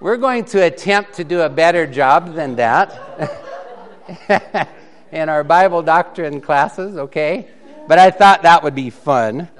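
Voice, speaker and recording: A man teaching a Bible doctrine class in a relaxed, conversational way, often chuckling. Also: fairly high pitch. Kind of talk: classroom lecture.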